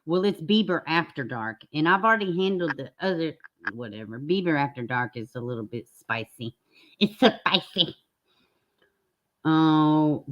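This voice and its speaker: A woman's voice: low voice, a bit bright, lo-fi sound. A woman hosting a reaction commentary channel, blunt and indignant, swearing freely as she reacts to clips.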